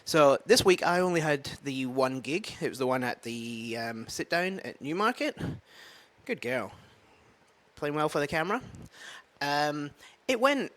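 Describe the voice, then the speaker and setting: A man's voice: fairly high pitch, big pitch swings, moderate pace, a bit bright. A man with a Scottish accent, an open mic comedian, chatting casually in a vlog, rambling and thinking aloud with many fillers. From Scotland. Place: at home with a dog.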